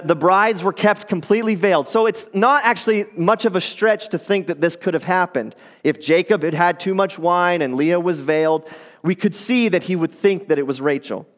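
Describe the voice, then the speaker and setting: Male pastor, high-pitched, casual animated sermon delivery, in a reverberant church hall. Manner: conversational, animated storytelling with acted quotes.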